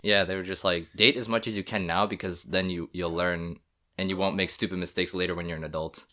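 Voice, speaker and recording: A man telling funny stories from his childhood in a casual chat, animated and laughing often. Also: sits low. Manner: fast, animated anecdotes with laughs. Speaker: animator and host.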